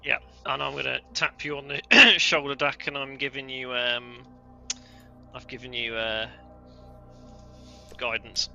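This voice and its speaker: A wry, joking male player in a tabletop game chat. His voice is very bright and cutting, with faint music underneath. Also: medium pitch, fairly even intonation, unhurried, gravelly, long pauses.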